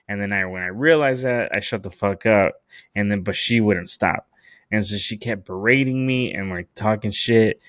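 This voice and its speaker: Profane, animated man telling a story. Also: fairly low pitch, dry recording, studio quality. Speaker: podcast host. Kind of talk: solo storytelling podcast.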